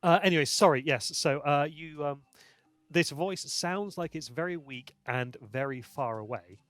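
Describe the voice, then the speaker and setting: A man's voice: on the high side, fairly bright tone, dry recording. Hesitant man game master narrating scenes, stops and restarts often. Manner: halting, many restarts.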